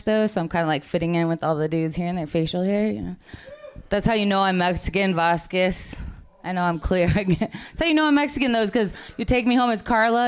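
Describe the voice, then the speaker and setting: Rich: A woman doing a stand-up set in a lower, smooth voice. Her humor is brash and self-mocking. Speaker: stand-up comedian.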